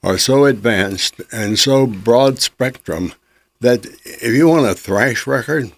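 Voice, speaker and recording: Gravelly older man. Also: medium pitch, lively intonation, no room sound. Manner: chatty, reminiscing, quick to agree. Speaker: podcast host, interviewer. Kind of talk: casual interview conversation.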